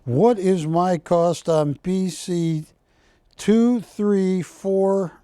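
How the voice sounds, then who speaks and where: A man's voice: high voice, extremely slow, dark tone, clean tone, no echo. A man hosting a live shopping channel broadcast, selling art with chatty, jokey banter from a studio. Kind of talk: live TV sales pitch.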